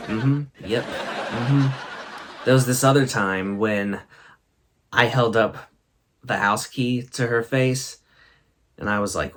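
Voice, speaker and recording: This comedy host's voice is lowish and slightly bright, and he speaks a little slowly, laughing and chuckling as he tells humorous stories to the camera. A faint hiss or hum can be heard in the recording.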